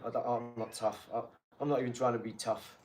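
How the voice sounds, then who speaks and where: A man's voice: medium pitch, little pitch movement, brisk, darkish tone, a little hiss or hum. A man who is a father, rambling and boastful in casual live-stream chat, mixing in street slang. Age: adult father.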